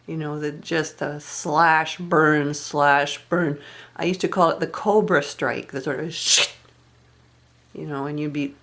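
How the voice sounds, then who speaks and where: A woman telling a personal story in a candid, rueful and reflective way, sighing now and then. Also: low-pitched. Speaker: vlogger.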